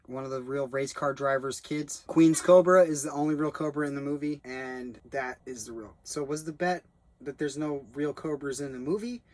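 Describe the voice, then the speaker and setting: A young man with a slightly high voice gives a loose, profane, rambling monologue reviewing a film he appeared in as a background actor. There is no echo.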